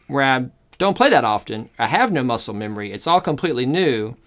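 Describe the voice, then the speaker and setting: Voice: medium pitch, sing-song, brisk, fairly bright tone. Chatty cello teacher checking in often. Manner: explanatory, checks in often with "okay?" and "all right?"; thinks aloud and corrects itself mid-sentence. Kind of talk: online music lesson, demonstrating.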